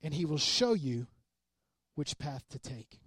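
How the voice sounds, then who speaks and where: A man preaching a sermon as a pastor, animated and conversational, acting out quoted voices. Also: on the high side, a little slow, breathy edge, no echo.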